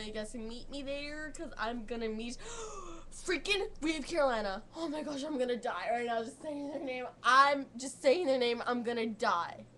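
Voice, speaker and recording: A woman's voice: high voice, a bit bright. A teenage girl making a webcam vlog at home at night, gushing giddily and repeating herself. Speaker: vlogger. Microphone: built-in webcam mic.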